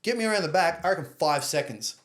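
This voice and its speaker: A young Australian man telling a story in casual chat, animated, acting out other people's lines and swearing casually. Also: a little high, quick pace. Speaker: podcast guest.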